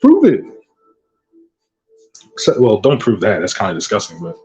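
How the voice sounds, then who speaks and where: A man's voice: fairly low pitch, fast, a little mellow, lo-fi sound. Profane, taunting man ranting on a vlog. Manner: aggressive, profane, taunting insults. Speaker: channel host.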